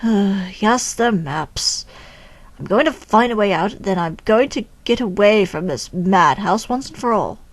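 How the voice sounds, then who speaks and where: A woman's voice: medium pitch, expressive, a little slow, no room sound. A woman voicing a surly, hostile adult man in a video game, speaking curtly and dismissively. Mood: grumbling. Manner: curt, dismissive.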